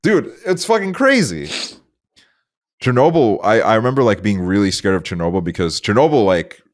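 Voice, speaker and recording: A man's voice: on the low side, very animated, moderate pace. A young man from Estonia, a podcast host chatting casually, rambling with lots of filler words and swearing. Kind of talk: casual chat.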